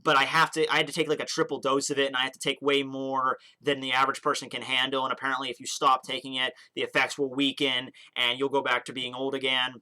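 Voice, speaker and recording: A man's voice: mid-range voice, completely flat delivery, fast talker, few pauses, pushed and bright. A young man casually reviewing a manga chapter, rambling with lots of fillers and the odd swear word.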